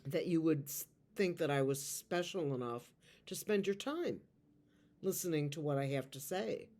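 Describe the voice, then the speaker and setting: A woman tarot reader talking to her viewers in a soft, slow, heartfelt and emotional way. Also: deep voice, animated. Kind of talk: spiritual video talk to viewers.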